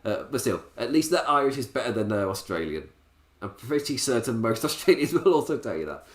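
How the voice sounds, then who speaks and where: A man's voice: medium pitch, big pitch swings, fairly quick. A man reviewing a wrestling show in a casual, sarcastic way, often laughing. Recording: roomy echo.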